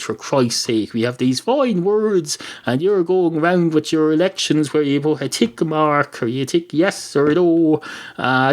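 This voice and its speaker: An Irish man hosting a podcast, delivering a rambling, sweary comic monologue. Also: medium pitch. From Ireland. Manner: ranting, sweary, rambling with many uh fillers. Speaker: podcast host.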